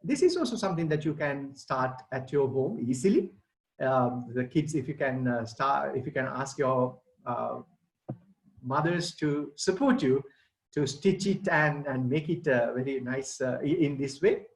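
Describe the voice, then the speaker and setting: A man's voice: medium pitch, animated, measured pace, creaky, poor audio. A middle-aged man, giving an online presentation as a gardening expert and explaining things to children and parents.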